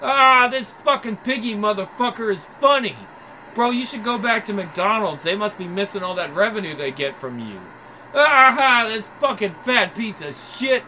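A man voicing a crude, jeering young male street thug who shouts. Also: high voice, expressive, normal speed, a little hiss or hum, exaggerated voice.

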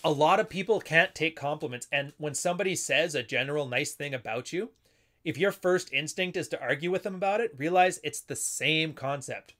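A man's voice: a little high, fairly quick, fairly bright tone. A man giving casual, unscripted commentary, often acting out little dialogues in shifting voices. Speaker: commentator explaining assertiveness techniques.

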